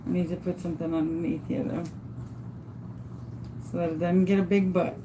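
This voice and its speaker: A woman's voice: lowish voice, flat delivery, normal speed, background noise. Chatty woman gushing over her craft. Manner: chatty, thinks aloud, often gushes over the work. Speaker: crafter demonstrating epoxy tumbler making. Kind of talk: casual hands-on tutorial.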